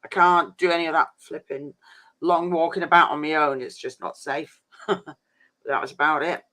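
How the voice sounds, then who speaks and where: A man's voice: fairly high pitch, steady tone, moderate pace, sharp tone. A man chatting casually on a live stream, rambling and saying "flipping" a lot.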